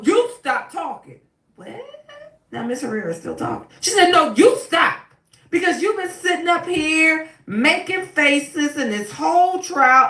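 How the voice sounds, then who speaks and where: Animated woman recapping a trial, echoey. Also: on the high side, recorded from a distance. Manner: animated, acts out quotes with sudden loud outbursts. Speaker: co-host recapping a court trial. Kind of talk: casual commentary. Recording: echoey room, voice off-mic.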